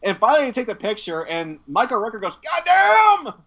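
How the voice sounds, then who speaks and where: A man from New York chats as co-host, with a bright, forceful voice that swings widely in pitch. He tells stories animatedly and laughs a lot. The sound is dull and lo-fi. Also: fast talker. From New York, USA. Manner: animated storyteller who laughs often. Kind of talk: casual chat.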